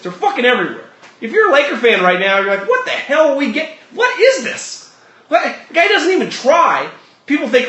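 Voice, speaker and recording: High-voiced man ranting about sports. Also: fairly bright tone. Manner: blunt, profane, heated ranting. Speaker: sports podcast host. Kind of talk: opinionated sports talk monologue. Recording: roomy echoey room.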